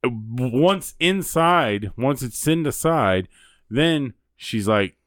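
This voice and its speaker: A middle-aged man co-hosting a podcast, telling profane, animated stories in casual chat. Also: mid-range voice, very slow, dry recording, clean studio sound. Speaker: podcast co-host.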